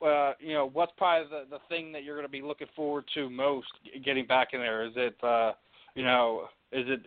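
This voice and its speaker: A man's voice: medium pitch, dry recording. A man hosting a casual interview, rambling with many fillers and laughing easily. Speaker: podcast host. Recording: tinny phone-like line.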